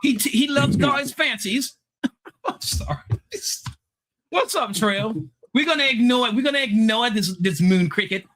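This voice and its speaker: A man's voice: very high voice, animated, a little slow, fairly bright tone, low-quality recording. A man hosting a heated live debate stream, taunting and mocking a caller over a video call mic.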